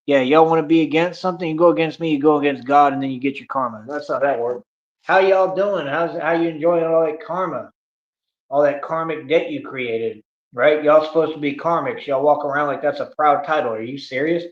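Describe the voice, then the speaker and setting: Man streamer, bragging and taunting, slightly high voice, echoey dull-sounding room. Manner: boastful, taunting, slangy. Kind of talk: boastful livestream rant.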